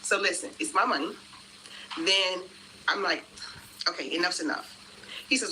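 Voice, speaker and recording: A woman's voice: fairly low pitch, normal speed, long pauses, bright, forceful tone, a little hiss or hum. A woman telling the story of a refund dispute in an indignant way, acting out both sides of the phone call. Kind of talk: storytelling vlog.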